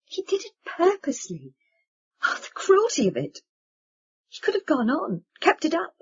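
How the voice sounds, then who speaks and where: Tearful young woman, shaken and pleading, lively pitch, read by a woman. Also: normal speed, muffled recording, full character voice. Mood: distressed.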